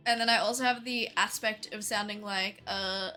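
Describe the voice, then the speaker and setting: A young Australian woman with a strong accent chats casually to her stream audience, her voice bright and forceful. She leans on "like" a lot and keeps breaking into quick laughs. Faint music plays underneath. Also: mid-range voice, fairly even intonation. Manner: chatty, fills talk with "like", laughs often. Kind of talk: casual livestream chat.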